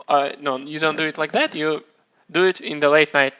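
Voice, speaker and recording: A man's voice: a little high, moderate pace, a bit bright, lo-fi sound. A man casually chatting on his live stream, rambling and swearing, often restarting his sentences. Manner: rambling, profane, self-mocking, many restarts.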